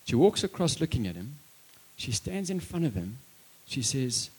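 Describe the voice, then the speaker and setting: A man preaching a sermon and telling a story, impassioned, swinging between loud emphasis and hushed lines, with chatty asides to the congregation. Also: mid-range voice, big pitch swings, moderate pace, slightly rough.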